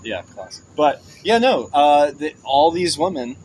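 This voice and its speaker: On a low-quality recording with a bit of hiss or hum, a young man speaks a little slowly in a slightly high, somewhat mellow voice full of big pitch swings. He's a podcast guest in casual conversation, spinning joking stories and laughing frequently.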